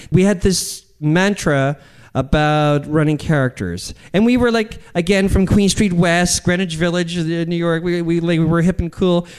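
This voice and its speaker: A middle-aged man, a comedian, telling stories in an interview in an animated, self-deprecating, rambling way. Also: on the high side, smooth. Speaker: guest comedian. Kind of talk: interview storytelling.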